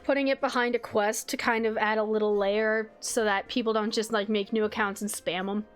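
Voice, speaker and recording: A woman streaming a video game, chatting casually, reading menu items aloud, getting excited and swearing freely. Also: medium pitch, a little fast, soft background music.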